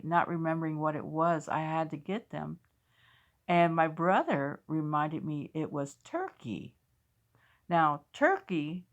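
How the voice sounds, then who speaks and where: A woman's voice: sits low, highs cut off. A woman from the United States hosts a faith channel and chats casually while reading out viewers' dreams, talking straight to her audience. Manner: chatty, talks straight to viewers. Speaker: host of a faith video channel.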